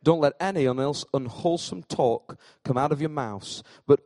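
High-voiced man preaching, animated. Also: normal speed, dry recording. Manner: animated preaching, swings from hushed to loud; jokes with the congregation by name. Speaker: pastor. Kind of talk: sermon.

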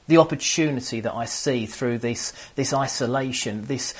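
A man's voice: medium pitch, normal speed, breathy edge. A man preaching a sermon to an empty room, earnest and often restarting his phrases. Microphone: camera on stands.

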